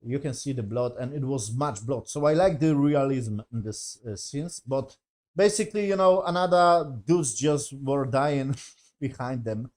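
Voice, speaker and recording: A man's voice: medium pitch, animated, measured pace, darkish tone. A man giving a casual spoken review of a TV series. He rambles, swears constantly, sounds exasperated, and speaks English with non-native grammar.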